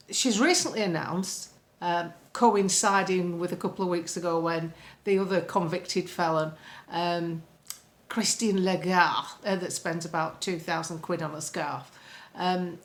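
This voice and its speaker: Woman vlogger, mid-pitched, rambling sarcastic chat with lots of fillers. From England. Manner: chatty, rambling, many fillers, sarcastic asides. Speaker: political vlogger. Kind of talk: casual political commentary.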